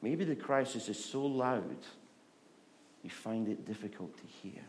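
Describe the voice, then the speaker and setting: A man preaching a conversational sermon, chatty and humorous, who often lowers his voice to a soft, hushed delivery. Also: animated, measured pace, slight background noise.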